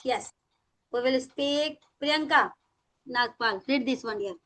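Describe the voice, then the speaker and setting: High, bright Indian-accented woman teacher. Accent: Indian English. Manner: mixes Hindi and English, drills words slowly. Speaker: English teacher. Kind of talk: online class teaching. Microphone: video call.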